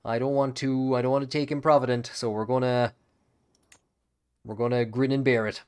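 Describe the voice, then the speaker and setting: A man's voice: medium pitch, flat delivery, normal speed, a little mellow, smooth. A man hosting a let's play, reading the game's event text aloud and dropping wry, joking asides between passages.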